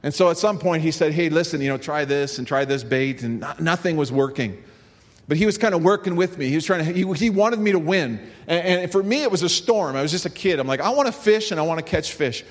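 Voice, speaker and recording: A man's voice: fairly high pitch, a little fast. A man pastor delivering a sermon, telling a story and then rising to fervent emphasis. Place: church sanctuary. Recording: long reverb of a large hall.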